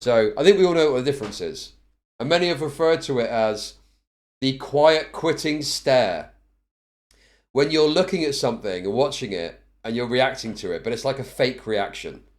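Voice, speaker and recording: Male streamer, mid pitch, very lively intonation, reads a ruling fast and then wanders into sarcastic commentary. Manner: reads quickly, then breaks off into sardonic, bored asides. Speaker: live streamer. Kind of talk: reading a court ruling aloud with commentary.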